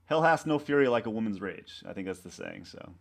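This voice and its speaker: A man, a website co-founder, talking in a casual interview, rambling and halting with many restarts and fillers. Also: on the low side, creaky. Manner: animated storyteller acting out coworkers' lines.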